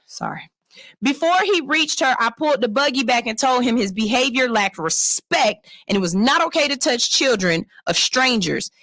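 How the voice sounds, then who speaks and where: A woman radio host, in her thirties, talking in a blunt, profane and animated way. Her voice sits a little high, and the studio sound is close and dry. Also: no room sound. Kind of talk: casual radio talk, reading and reacting to a listener letter. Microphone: studio microphone.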